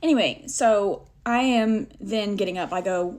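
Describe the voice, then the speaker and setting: A woman vlogger telling a personal story to the camera in a casual, animated, self-deprecating way, acting out the dialogue as she goes. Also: mid-range voice, fairly quick.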